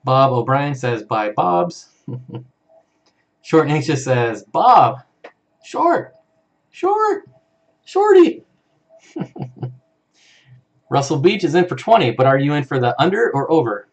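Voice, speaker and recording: Male streamer, mid-pitched, relaxed and chatty, chuckling as he reads out viewer comments. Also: a little slow, pauses often. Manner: easygoing, chuckles often, reads comments aloud. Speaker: live-stream host for an aquarium channel. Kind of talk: casual live-stream chat reading viewer comments.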